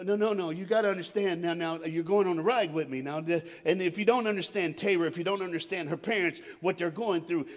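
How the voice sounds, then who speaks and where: Male preacher, dramatic storyteller with audience call-outs, slightly high voice, long reverberant hall. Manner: dramatic storyteller, swings from loud to hushed, calls on the crowd. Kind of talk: sermon storytelling.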